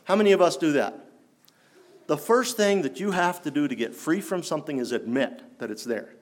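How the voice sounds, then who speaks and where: A man preaching a sermon in an earnest, challenging way, rising for emphasis and dropping low. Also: animated, a little fast. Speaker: pastor.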